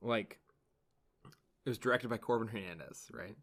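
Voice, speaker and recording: A man's voice: fairly low pitch, moderate pace. A young man co-hosting a podcast in casual chat, rambling with many fillers and restarts. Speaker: podcast co-host.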